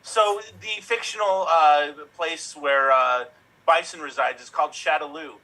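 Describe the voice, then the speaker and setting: A man's voice: a little high, unhurried, bright, forceful tone, rough recording. A man performing in an improv show, eagerly sharing geek trivia.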